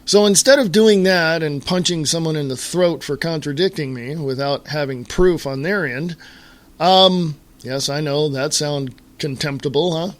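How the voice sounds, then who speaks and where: A man hosting a solo talk radio show, ranting in an exasperated way to his listeners with lots of fillers and restarts. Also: fairly high pitch. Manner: halting with fillers and repeated starts.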